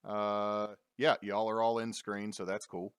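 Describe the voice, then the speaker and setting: Guy dm doing a laid back joking recap, lowish smooth voice, dry close sound. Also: level tone, measured pace, no room sound. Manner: casual, jokey recap. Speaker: dungeon master. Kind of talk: recapping and running a tabletop game.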